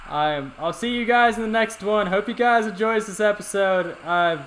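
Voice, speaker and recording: A man's voice: sits high, moderate pace, a bit bright, a little hiss or hum. A young man hosting a gaming channel, giving rambling casual commentary to viewers as he plays. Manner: rambling, talks to viewers, frequent restarts.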